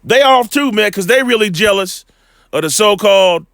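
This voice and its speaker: A man giving a loose, slangy scripture lesson, full of fillers and repeated "all right", slowing down when he reads the verses. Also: high-pitched, expressive, gravelly, fairly bright tone, no echo, studio quality. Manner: reads scripture slowly and deliberately. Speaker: bible teacher.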